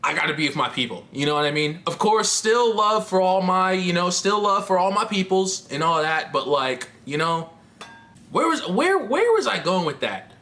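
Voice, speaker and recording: Chatty trans woman vlogger, lively pitch. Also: normal speed. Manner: candid, rambling, laughs often, swears casually. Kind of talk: casual confessional chat to camera.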